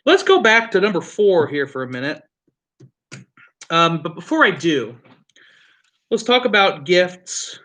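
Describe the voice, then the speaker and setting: Bright-voiced joking male livestream host. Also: on the high side. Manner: joking, rambling, profane asides. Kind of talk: casual livestream chat.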